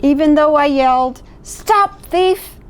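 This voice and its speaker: Casual: clever talking cat in a storybook, woman reading it, slightly high voice, slow and persuasive. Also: lively intonation. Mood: indignant. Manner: urgent, bossy, persuasive. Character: clever scheming male cat.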